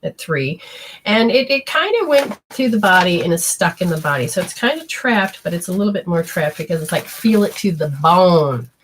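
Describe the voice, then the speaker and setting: A woman hosting a show as a psychic medium, talking casually and bluntly as she passes on spirit messages in quick, fragmented bursts and swears freely. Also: lowish voice, animated, slightly rough.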